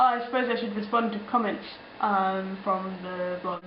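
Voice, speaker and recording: A woman's voice: medium pitch, steady tone, moderate pace, a little hiss or hum. A young woman with an Australian accent, chatting casually as she answers viewer comments in a rambling, playful way with lots of ums. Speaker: vlogger. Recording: roomy, slightly dull home recording.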